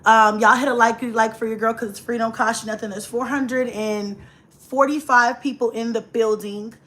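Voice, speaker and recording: A woman's voice: on the high side, steady tone, moderate pace, fairly bright tone. A young woman, hosting a casual livestream, chatting, laughing often and greeting viewers by name. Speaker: livestream host.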